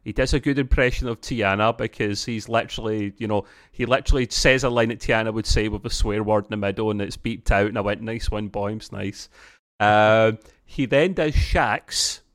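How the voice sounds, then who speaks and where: A man's voice: lowish voice, a little fast, hardly any pauses, a bit bright. A man co-hosting a casual podcast review of a TV episode, rambling along with many restarts and fillers and laughing often.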